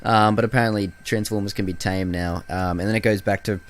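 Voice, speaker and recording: Animated young man ranting about films. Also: on the low side, brisk. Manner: animated, swears freely, lots of ums, mocking impressions. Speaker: podcast co-host. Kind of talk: casual film review chat.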